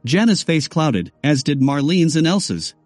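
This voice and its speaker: A man narrating a first-person audiobook in a steady, scripted reading. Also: fairly high pitch, moderate pace, no echo, soft background music.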